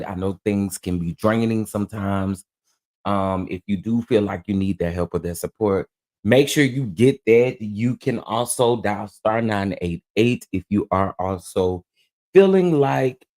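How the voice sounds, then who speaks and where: A man's voice: fairly low pitch, warm tone. A man hosting a casual live stream, greeting viewers one by one in a drawling, affectionate way. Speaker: livestream host.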